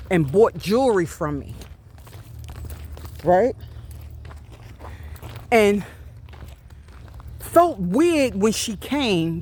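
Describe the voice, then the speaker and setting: Slow-talking woman confiding on a walk. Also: medium pitch, slight background noise. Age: 50s. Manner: confiding, with frequent "right?" check-ins. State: slightly out of breath. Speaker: vlogger. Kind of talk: casual storytelling while walking. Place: outdoors on a walk.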